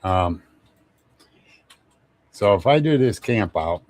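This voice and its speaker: A man from Ohio chats through a casual live stream in a lowish voice. He takes his time, drifting from one thought to the next and chuckling between greetings to his viewers. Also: lively intonation, takes it slowly, darkish tone, dry recording. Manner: rambling, chuckles often, greets chat viewers by name. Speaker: livestream host.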